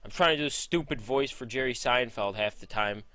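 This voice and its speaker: A man's voice: medium pitch, fairly quick, sharp tone, no room sound. A man reading a script aloud, breaking off into rambling, profane, self-mocking asides. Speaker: script reader. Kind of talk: casual rambling read-through.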